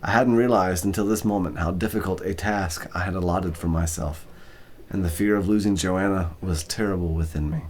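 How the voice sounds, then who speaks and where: A man's voice: low voice, fairly even intonation, fairly quick, a little hiss or hum. An exhausted man reading a short story aloud for ASMR, stumbling over words and apologizing.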